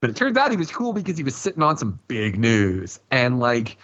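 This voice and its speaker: A man talks casually on a podcast panel, and his voice is husky. The sound is a bit dull and lo-fi. He rambles with animation and plays out his own reactions as he goes. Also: mid-range voice, wildly swooping pitch, a little fast, fairly bright tone.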